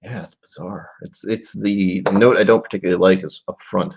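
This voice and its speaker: A man in his forties with a low, husky voice chats casually on a live stream, thinking out loud and drifting into trailing asides. The stream audio is dull and lo-fi. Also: steady tone, fairly quick. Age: 40s. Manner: musing aloud, rambling with trailing asides. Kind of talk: casual live-stream whiskey tasting chat.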